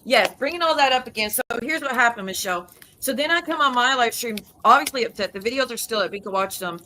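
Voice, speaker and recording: A woman's voice: fairly high pitch, expressive, fast, background noise. A woman YouTuber ranting in a casual vlog, heated and blunt, swearing freely and repeating her denials with emphasis. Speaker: YouTuber and live streamer.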